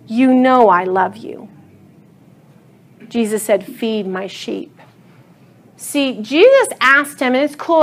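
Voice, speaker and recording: A middle-aged woman teaching a Bible study lesson, earnest and animated, building to emphatic passion as she retells the story. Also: a little high.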